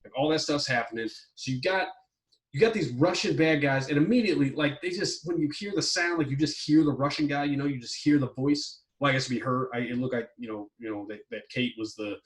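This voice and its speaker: A man talks fast and loose, stacking fillers and restarting sentences as he goes. His voice sits a little back from the microphone. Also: medium pitch, far from the mic, rough recording. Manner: rambling, heavy on fillers, swears when worked up. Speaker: podcast co-host reviewing a movie plot. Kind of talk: casual chat.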